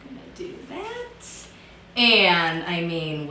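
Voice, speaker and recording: Upbeat female home bartender, higher voice, chatting to viewers; echoey kitchen sound. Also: lively intonation, a little slow, background noise. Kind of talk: casual cocktail how-to livestream.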